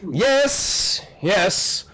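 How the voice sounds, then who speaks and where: A man voicing a pompous, flustered older male host who dresses like a wizard, in a fussy high voice that stumbles over words. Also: very animated, very slow, sharp tone, slightly rough, exaggerated voice, poor audio.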